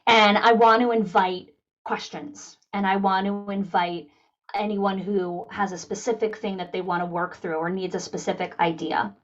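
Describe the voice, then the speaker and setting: At normal speed and medium pitch, a woman hosts an online town hall for school leaders on lo-fi sound. She coaches energetically and mimics the voices of the people she quotes.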